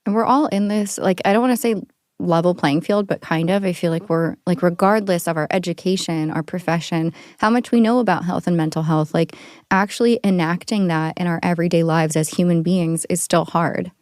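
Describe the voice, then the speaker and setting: A woman's voice: fairly low pitch, fairly even intonation, brisk, a little mellow, dry recording, clean studio sound. A young woman hosting a podcast, chatting casually in a giggly, playful, self-deprecating way. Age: young adult. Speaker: podcast host.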